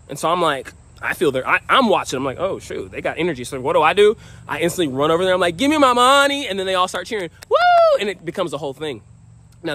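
Young guy, slightly high voice, energetic slangy storyteller, casual vlog delivery. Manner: energetic, slangy, heavy use of "like". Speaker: dating vlogger.

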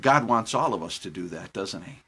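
A man's voice: low-pitched, expressive, normal speed, a bit bright, husky. A man speaking live, giving a chatty devotional talk with jokes and chuckles as he tells a story from his youth. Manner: jokey, chuckling, conversational.

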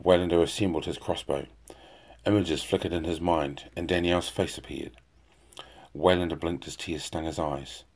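A man reading a fantasy novel aloud in a steady, unhurried voice. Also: low voice. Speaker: audiobook narrator.

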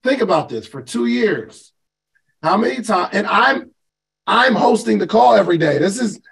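A man's voice: sits high, sing-song, moderate pace, creaky, fairly bright tone, poor audio. A man hosting a live call, giving a conversational motivational talk as a business coach and putting questions to his listeners. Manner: conversational, asks the listeners questions, repeats for emphasis.

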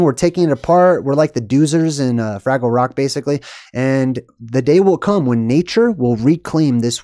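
A man's voice: medium pitch, darkish tone, no room sound, clean studio sound. A man hosting his own video, talking through a film in a rambling, emphatic way with frequent fillers and short laughs. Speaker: video host. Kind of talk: casual monologue.

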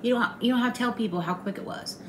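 A woman's voice: on the high side, quick pace, a little hiss or hum. A middle-aged woman, hosting a casual home cooking demonstration in a chatty, folksy, teasing way. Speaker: home cooking channel host. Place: home kitchen.

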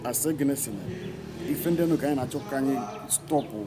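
A man speaks at an unhurried pace, mixing two languages as he explains a training program. His pitch sits in the middle of the range. Crowd chatter runs clearly behind him throughout. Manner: unhurried, mixing Igbo and English. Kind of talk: community speech.

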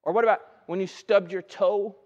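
A man's voice: sits high, fairly even intonation, normal speed, darkish tone, highs cut off. A male pastor giving a sermon in a church, talking conversationally and often checking in with "right?". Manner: conversational, keeps asking "right?". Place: church sanctuary.

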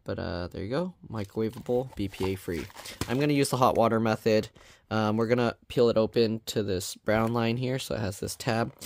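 A man casually reviewing a food product on his vlog, reading the label aloud in a plain, even way with chatty asides. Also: lowish voice, fairly quick, creaky, a little hiss or hum.

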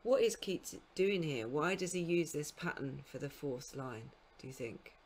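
A woman giving a recorded literature lecture to school students, explaining in a measured way and now and then correcting herself mid-phrase. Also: low-pitched, expressive, a little mellow, a little hiss or hum. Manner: speaks scansion aloud in sing-song beats. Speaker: university lecturer.

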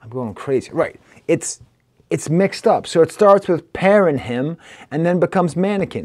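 Animated man with a mellow Rochester accent. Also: fairly high pitch, moderate pace. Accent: Rochester, New York. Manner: animated, playful, breaks down rhymes by reciting them. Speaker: music reviewer. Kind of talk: casual spoken album review.

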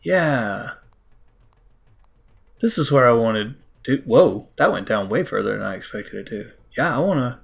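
An American man giving casual gameplay commentary, talking to the game, mocking himself and breaking into sudden high exclamations. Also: expressive, unhurried, creaky, slightly rough. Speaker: let's play host.

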